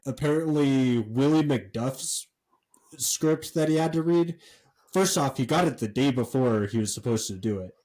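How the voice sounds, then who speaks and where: A man co-hosting a podcast, telling a story in a rambling, animated way with lots of fillers and swearing. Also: medium pitch, low-quality recording. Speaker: podcast co-host. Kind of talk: casual chat.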